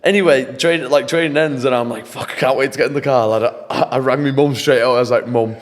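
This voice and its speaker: Lively young man telling a story. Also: medium pitch, fast talker. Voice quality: animated, slangy, swears freely. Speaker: guest. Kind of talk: casual storytelling. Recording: long hall reverb.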